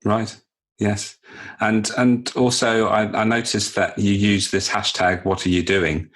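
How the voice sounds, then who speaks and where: A man's voice: lowish voice, level tone, unhurried, a bit bright. A man hosting a podcast interview, speaking hesitantly and repeating words as he thinks aloud. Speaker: podcast host.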